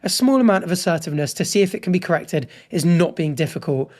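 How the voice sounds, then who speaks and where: A man with a fairly high voice reads out online posts in a relaxed commentary style. He breaks in often with blunt, frank reactions and verdicts. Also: fast talker. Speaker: host reading and judging online posts. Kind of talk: casual commentary.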